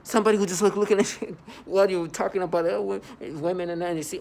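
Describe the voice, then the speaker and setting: A man's voice: high voice, steady tone, fast talker, gravelly, darkish tone, slight background noise. A man in a rambling, scornful monologue to his viewers, repeating himself and breaking into mocking laughter. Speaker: vlogger. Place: New York City.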